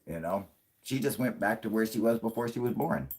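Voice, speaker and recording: A man's voice: fairly low pitch, animated, brisk, a little mellow, breathy edge. A man hosting a casual late-night livestream, talking in a rambling, profane way and laughing often. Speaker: livestream host.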